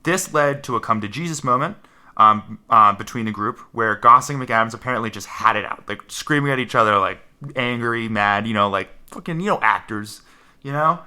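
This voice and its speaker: Bright-voiced chatty man. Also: mid-range voice, brisk, clean tone. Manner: chatty, reads trivia and quotes aloud, laughs often. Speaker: podcast host. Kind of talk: casual movie podcast chat.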